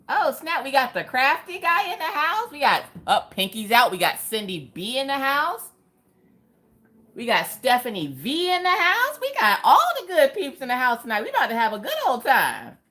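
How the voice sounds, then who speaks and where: A woman hosts a casual livestream, her pitch jumping lively up and down as she calls out viewers by name. She talks in an easy, joking way, full of playful exclamations and chatty asides. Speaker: livestream host.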